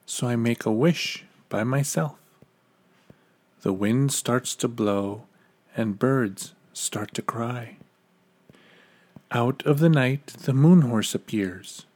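A man reads a bedtime story at an extremely unhurried pace. His voice is calm, gentle and soothing, sitting at an ordinary middle pitch for a man. He lingers on each phrase.

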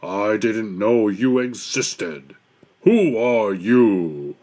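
A man voicing a loud, grumpy male bear in a storybook, speaking slowly and blusteringly with a changed timbre. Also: animated, heavily acted. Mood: booming. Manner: booming, slow and blustery.

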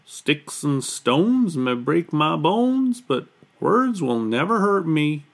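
A man's voice: on the high side, big pitch swings, slow pace, voice pushed up, full character voice. A man voicing a timid, polite male moose in a storybook, speaking in a raised, meek voice.

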